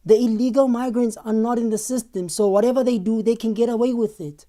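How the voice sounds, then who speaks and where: A woman's voice: fairly high pitch, fairly even intonation, brisk, mellow. A young South African woman hosting a live stream, giving heated, rhetorical commentary with lots of emphasis. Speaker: livestream host.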